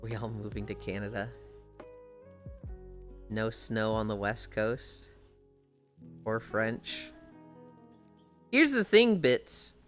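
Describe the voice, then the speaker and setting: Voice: mid-range voice, lively intonation, takes it slowly, pauses often, fairly bright tone, faint music behind. A young adult streamer from the United States, chatting casually at home with viewers, laughing often and swearing freely. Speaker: live streamer. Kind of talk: casual live-stream chat, answering chat.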